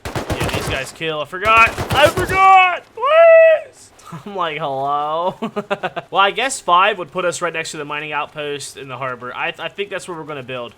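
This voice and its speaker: A man's voice: a little high, moderate pace, background noise. A man giving casual, joking gaming commentary, rambling and yelping when startled. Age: adult. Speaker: gaming YouTuber.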